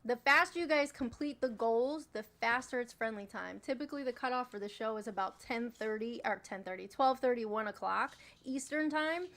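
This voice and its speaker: A woman runs a casual live stream as its moderator, joking and swearing freely. She is bossy with her viewers. Her voice sits a little high for a woman. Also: normal speed, few pauses, fairly bright tone.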